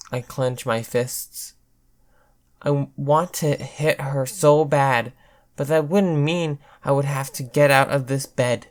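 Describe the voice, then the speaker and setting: A man's voice: mid-range voice, fairly even intonation, slow pace. A man reading a fanfic story aloud in plain first-person narration. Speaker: fanfic reader.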